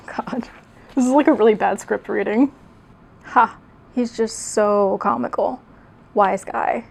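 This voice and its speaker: A woman's voice: mid-range voice, measured pace, creaky. A young woman reading her old fan fiction aloud, mocking it with sarcastic, self-deprecating asides and laughing at herself. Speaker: video creator.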